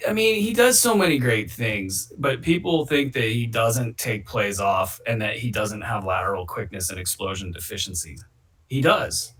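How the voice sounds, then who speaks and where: A man's voice: mid-range voice, a bit bright, slightly rough. A man hosting a casual sports chat, opinionated and rambling, given to hot takes. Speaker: host.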